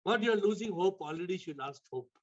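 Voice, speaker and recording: A man giving a spiritual talk, telling stories with emphatic repetition and sudden shifts in loudness. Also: high voice, lively intonation, quick pace, dull audio. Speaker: spiritual teacher. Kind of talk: spiritual talk to an online audience.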